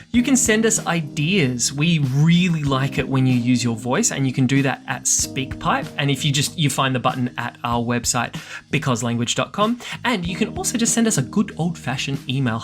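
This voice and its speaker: A podcast co-host talking in a chatty, animated way and laughing easily. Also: mid-range voice. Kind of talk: casual podcast chat.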